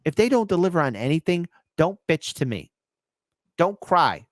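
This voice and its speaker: A man's voice: fairly high pitch, very animated, moderate pace, dry recording, clean studio sound. A man hosting a political commentary stream, reacting sarcastically to clips and reading viewer comments aloud.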